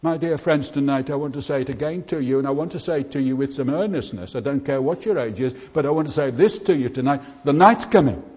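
A man's voice: mid-range voice, quick pace, few pauses, a little mellow, breathy edge. An older man preaching a sermon in an earnest, emphatic way, repeating his points. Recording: muffled hall recording with long reverb.

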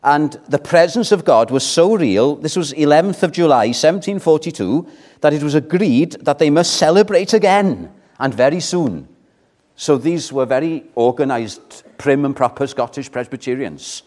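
Earnest preacher with a lively voice. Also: male voice, fairly high pitch, moderate pace. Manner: earnest, asks the congregation rhetorical questions. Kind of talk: sermon. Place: church.

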